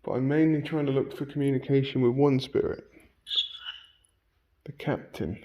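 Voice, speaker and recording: A man investigating a haunted abbey, talking in a hushed, on-edge way as he calls out to spirits. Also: medium pitch, steady tone, moderate pace. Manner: hushed and tense, calling out to spirits. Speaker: paranormal investigator. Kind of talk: ghost-hunting vlog narration. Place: old abbey room at night. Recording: muffled with loud background noise.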